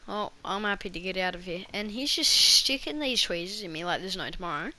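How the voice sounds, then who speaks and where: A woman's voice: medium pitch, animated, a little fast, pushed and bright. A woman vlogger telling a personal story in a casual, rambling way, full of restarts and fillers.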